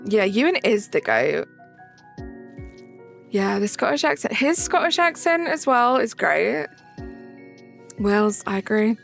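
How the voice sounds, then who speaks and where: A woman's voice: mid-range voice, big pitch swings, measured pace, gravelly, pauses often, faint music behind. A young woman streaming a game, chatting casually and answering chat messages aloud.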